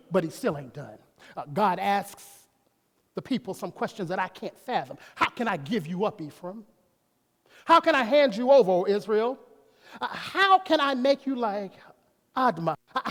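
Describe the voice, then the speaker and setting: A pastor with a high, slightly bright voice delivers a folksy sermon, breaking off now and then to talk to himself and to the congregation. He's in a church sanctuary, and the recording carries the long reverb of a church hall.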